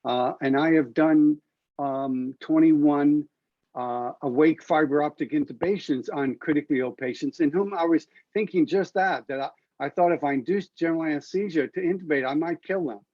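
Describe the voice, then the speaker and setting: A man's voice: on the high side, normal speed, no room sound. Earnest man on dry, dull-sounding remote audio. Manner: earnest, explanatory, with hesitant uhs. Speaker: airway expert panelist, anesthesiologist. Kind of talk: expert panel discussion.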